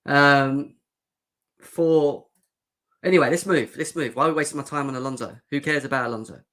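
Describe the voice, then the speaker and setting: A man's voice: mid-range voice, moderate pace, fairly bright tone. Sarcastic man hosting a livestream. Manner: sarcastic, joking, reads out chat comments. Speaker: fan show host. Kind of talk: livestream football reaction chat.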